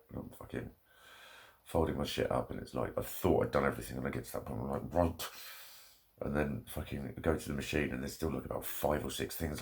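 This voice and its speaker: A man's voice: rumbling low, creaky, darkish tone. A man delivering an angry, swear-filled vlog rant straight to the camera. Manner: heavy swearing, angry ranting. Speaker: vlogger. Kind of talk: ranting monologue.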